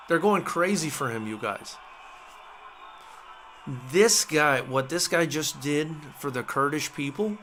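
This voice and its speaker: A man talks to his viewers on a live boxing companion stream. His voice is bright and forward, and his pitch sits in an ordinary middle range. He reacts with emotion and keeps repeating his words as he goes. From United States. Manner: excitable, repeats himself, emotional. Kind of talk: live fight companion commentary.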